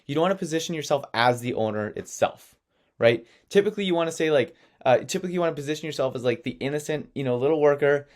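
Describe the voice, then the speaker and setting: A man, an agency founder, teaching an online sales lesson in an animated storytelling way, often checking in with "okay?" and "right?". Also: on the high side, fast.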